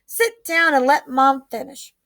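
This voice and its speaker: A woman's voice: high voice, steady tone, measured pace, gravelly, a bit bright, exaggerated voice. A woman voicing a snippy, teasing older sister in a read-aloud storybook. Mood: mocking. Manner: snippy, mocking. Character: bratty teasing big sister.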